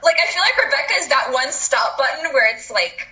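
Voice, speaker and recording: A woman from the United States co-hosting a casual podcast chat, giggly and animated, with lots of fillers. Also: high-pitched, fairly quick, slight background noise. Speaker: podcast co-host.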